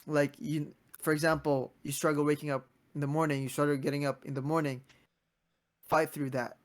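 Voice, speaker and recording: Earnest young man, higher voice. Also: flat delivery, a little fast. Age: 20s. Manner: earnest motivational talk with frequent restarts. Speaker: podcast host. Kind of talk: casual podcast chat.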